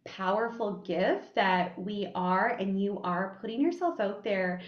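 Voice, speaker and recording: A woman hosting a podcast in a casual interview chat, a candid, animated storyteller who swears freely. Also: medium pitch, a little slow. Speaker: podcast host. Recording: echoey room, dull lo-fi sound.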